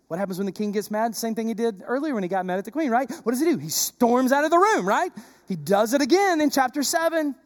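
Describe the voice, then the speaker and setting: A pastor delivering a sermon, retelling a story with rhetorical questions. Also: sits high.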